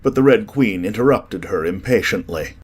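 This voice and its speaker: A man narrating a children's classic in a measured storytelling way for an audiobook. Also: lowish voice, animated, slightly rough.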